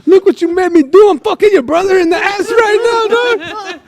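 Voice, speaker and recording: A man's voice: very high-pitched, moderate pace, a loud crowd, voice pushed up. A man voicing a menacing, crude male ex-con who talks with swagger. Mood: boastful. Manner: swaggering, crude street talk.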